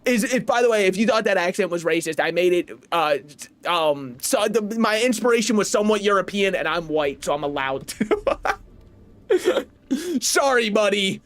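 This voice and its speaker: A man in his twenties talking casually while streaming a game, animated and laughing, swearing and rambling off on tangents, on a desk mic at home. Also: sits high, moderate pace. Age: 20s. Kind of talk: casual gaming livestream chat.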